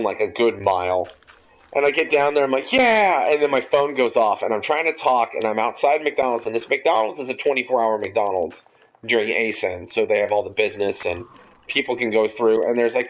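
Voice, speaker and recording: Young man rambling through a story, lo-fi. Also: medium pitch. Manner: rambling, animated, swears freely. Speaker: podcast host. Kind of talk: casual storytelling. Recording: dull lo-fi audio.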